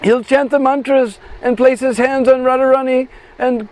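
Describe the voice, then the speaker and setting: A man's voice: very high-pitched, flat delivery, normal speed, darkish tone, voice pushed up. A man voicing a distraught old village woman who wails and pleads frantically in a devotional story. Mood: urgent. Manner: wailing, frantic.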